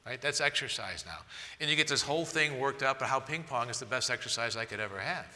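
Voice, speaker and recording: A man's voice: medium pitch, expressive, quick pace, sharp tone, long reverb tail. A man giving a church teaching talk in a conversational style, often tossing rhetorical questions to his audience. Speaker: speaker at a church seminar.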